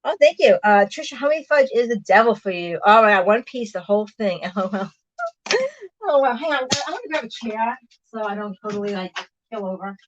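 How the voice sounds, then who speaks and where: A woman's voice: medium pitch, expressive, a little fast. Chatty woman on a muffled live stream. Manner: chatty, bubbly, laughs often, reads out viewer comments. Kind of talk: casual live-stream chat. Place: small room in her truck.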